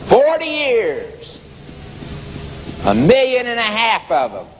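High-pitched guy preaching real slow, long hall echo, muffled and hissy tape. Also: huge pitch swings. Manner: slow, dramatic storytelling with sudden pitch swings. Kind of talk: sermon. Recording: dull reverberant hall recording with noise.

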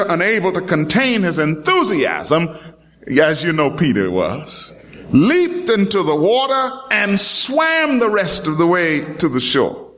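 A man's voice: high voice, a bit bright. A man preaching a sermon in a dramatic, emphatic way, calling out to his congregation.

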